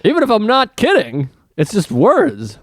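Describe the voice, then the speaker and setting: A man's voice: high-pitched, huge pitch swings, normal speed, no echo, studio quality. A man in casual podcast banter, crude and swearing, joking freely.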